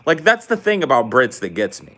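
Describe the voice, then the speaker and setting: A man's voice: mid-range voice, sing-song, a little fast, a bit bright. An American man hosting a podcast, ranting comedically in a sarcastic, profane way. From United States. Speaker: podcast host. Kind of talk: comedic rant.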